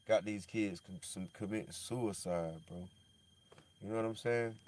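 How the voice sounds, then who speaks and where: A man in a casual monologue, rambling in slang with lots of "bro" and "dog", swinging between loud animated bursts and a low somber mutter. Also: measured pace, a little hiss or hum.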